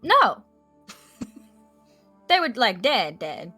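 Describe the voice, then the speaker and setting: Bright, lively, rambling woman role-player. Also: fairly high pitch, extremely slow, soft background music. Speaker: tabletop game player. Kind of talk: in-character role-play chat.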